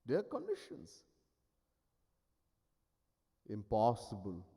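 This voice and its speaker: A man's voice: on the low side, wildly swooping pitch, slow pace, gravelly, warm tone, breathy edge. A man giving a sermon as a spiritual teacher. He tells stories in an emphatic, wry way. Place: ashram hall. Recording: long hall reverb.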